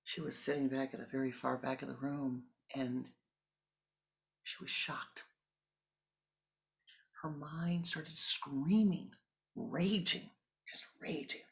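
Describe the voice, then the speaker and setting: Woman spiritual teacher, slow deliberate storyteller. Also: very deep voice, steady tone, gravelly. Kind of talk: storytelling sermon.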